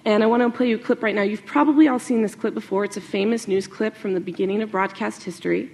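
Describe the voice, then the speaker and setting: A woman journalist giving a lively talk to an audience, animated, with many fillers and asides. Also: mid-range voice, fast talker, gravelly.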